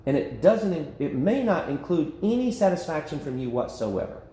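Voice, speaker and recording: A man's fairly high, mellow voice, very animated and at a moderate pace, leads a church Bible study. He keeps it casual and conversational, often laughing and acting out quotes. The church meeting room sounds echoey, with a faint hum of background noise.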